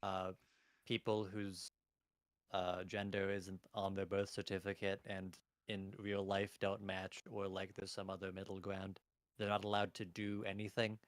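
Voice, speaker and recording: Low, smooth-voiced hesitant man. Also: monotone, no echo, studio quality. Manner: hesitant, halting questions. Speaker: co-host. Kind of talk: casual chat.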